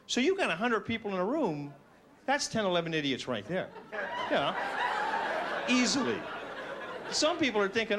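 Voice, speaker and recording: A man doing a stand-up routine, self-mocking and animated, slipping into silly voices. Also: sits high, moderate pace, long pauses, a crowd in the background. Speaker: stand-up comedian.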